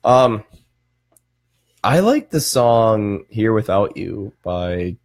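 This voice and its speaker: A man's voice: fairly low pitch, very animated, slow, no room sound. A man in his twenties, a podcast co-host in casual chat, blunt and profane with a grumbling, teasing manner. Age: 20s.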